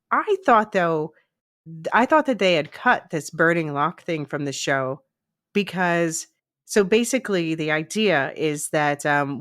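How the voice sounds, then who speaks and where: A woman hosts a podcast in a fairly low, easy voice, walking through a TV episode's plot with frequent laughs. The sound is dry and close, with no room around it. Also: smooth, dry recording. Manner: chatty, laughs often, recaps plot at a steady clip. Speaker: podcast host. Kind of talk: casual podcast chat and episode recap.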